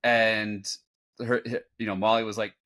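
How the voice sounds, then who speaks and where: A man's voice: on the low side, level tone, fairly bright tone, clean tone. A man chatting on a podcast, making jokey asides and restarting his sentences as he goes. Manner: joking, quick asides, repeats words as he starts. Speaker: podcast co-host. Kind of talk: casual podcast chat.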